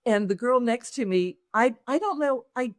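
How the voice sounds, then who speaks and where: A woman's voice: a little high, animated, normal speed, no echo, studio quality. A woman, an author and business owner, telling a personal story in an interview and acting out other people's lines as she goes.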